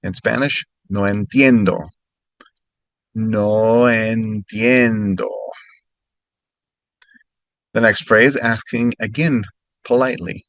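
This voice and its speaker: A man teaching a recorded language lesson, giving clear instructions and slowing right down when he models practice phrases. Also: medium pitch, fairly bright tone, no room sound.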